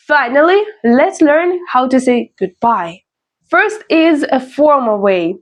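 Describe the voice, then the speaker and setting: Woman teaching, slow and careful. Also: high-pitched, very animated. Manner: slow, careful pronunciation drills; explains in English, models phrases slowly for repetition. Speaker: language teacher. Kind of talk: beginner language lesson.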